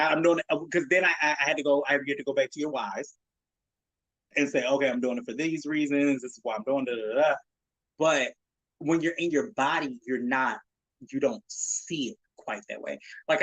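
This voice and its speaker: A man in his late thirties hosts his own solo podcast, talking casually and animatedly, swearing, laughing and acting out people's reactions. His voice is a little high. The recording is low quality, with no room sound.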